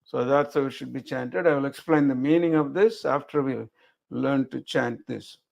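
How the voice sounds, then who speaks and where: A man's voice: medium pitch, moderate pace, gravelly. A man, teaching a recorded chanting lesson and explaining each step patiently. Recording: dull lo-fi recording.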